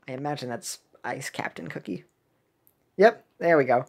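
A woman's voice: deep voice, normal speed, vocal fry, darkish tone. A woman hosting a game video who chats casually about the cutscenes, musing and trailing off with ums.

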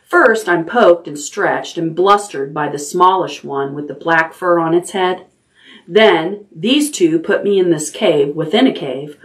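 A woman librarian reading a chapter book aloud at bedtime, unhurried and expressive. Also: lowish voice, recorded from a distance.

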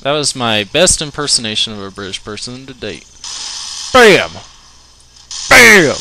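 Lively, goofy man narrating gameplay. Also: medium pitch, unhurried, pauses often, slight background noise. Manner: joking, goofy, yells when in a fight. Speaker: gaming commentator. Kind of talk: let's play commentary.

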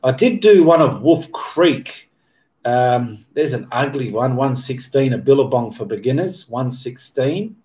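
An unhurried man with an expressive, mid-range, somewhat dark voice hosts an easygoing livestream for his painting channel. Reading viewers' comments aloud, he answers in a rambling way and pauses mid-sentence to correct himself.

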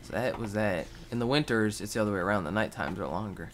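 Young guy doing game commentary, lowish voice, mumbles and whispers then yells and swears at the game. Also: quick pace, slight background noise. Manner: erratic, swings from mutters and whispers to yelling; swears freely, talks to viewers. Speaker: gaming video host. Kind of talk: casual gameplay commentary.

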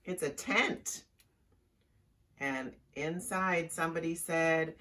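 A woman's voice: fairly low pitch, distant mic. A woman librarian reading a picture book aloud to young children, chatty and asking them questions. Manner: slow, lively and chatty with young listeners.

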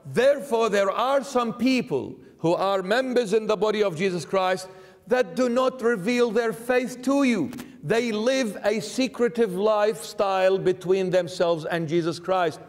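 A high-voiced man preaches an emphatic sermon, pressing his listeners with one rhetorical question after another. His words ring out with a long church reverb. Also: unhurried. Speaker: bishop preaching.

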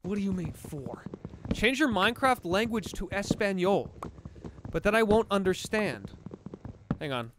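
A young man streaming a game, joking at himself and trying out halting, clumsy Spanish. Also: high-pitched, lively intonation, noisy background. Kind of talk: casual gaming livestream chat.

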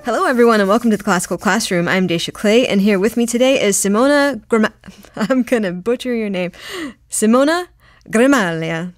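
A woman's voice: on the high side, quick pace, no room sound, soft background music. Upbeat woman host, dry close sound. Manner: upbeat, laughing easily. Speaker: podcast host. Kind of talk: scripted intro then interview chat.

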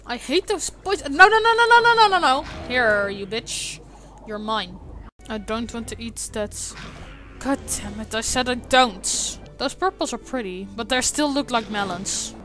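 High, bright-voiced swearing gamer woman. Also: lively intonation, a little slow, soft background music. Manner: swears a lot, with frequent shouted frustrated outbursts. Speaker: gaming video host. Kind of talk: let's play commentary.

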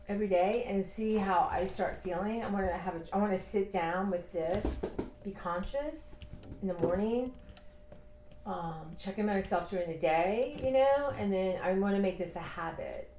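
A woman in her fifties talks through her thoughts in a loose, rambling vlog. Her manner is reflective and heartfelt, at an average pitch. The sound carries a roomy echo with faint ambient noise. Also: darkish tone. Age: 50s. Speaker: vlogger. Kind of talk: casual personal vlog.

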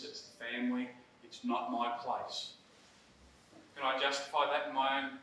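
A man in middle age presents to a room of coaches, talking emphatically and tagging his points with quick check-ins. His voice is bright and forward. The mic sits well back in a very echoey hall with a faint hiss behind. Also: medium pitch, level tone. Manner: emphatic, conversational, frequent "right?" tags. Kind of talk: workshop presentation. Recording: roomy hall, distant mic, faint noise.

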